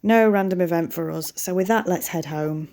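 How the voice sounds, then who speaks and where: A woman's voice: lowish voice, normal speed, a little mellow. A British woman hosting a gaming channel, chatting casually over her gameplay and often laughing at herself. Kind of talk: casual let's-play commentary.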